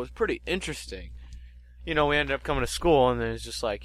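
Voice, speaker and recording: A man's voice: medium pitch, animated, fairly quick. A teenage man from Canada, co-hosting a podcast in casual chat, telling school stories with animation and teasing his friend. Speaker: podcast co-host.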